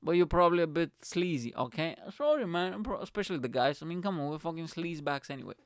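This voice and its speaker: Young male comic host, rants and swears, smooth dry voice. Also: fairly high pitch, fast, no room sound. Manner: crude, swearing, rambling, animated. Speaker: comedian and podcast host. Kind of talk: casual solo podcast rant. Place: alone at home.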